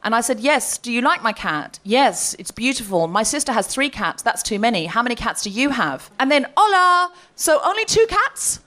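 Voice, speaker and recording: A woman hosting a live comedy podcast, telling a story on stage with lots of laughing and animated delivery. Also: on the high side, fairly quick, few pauses.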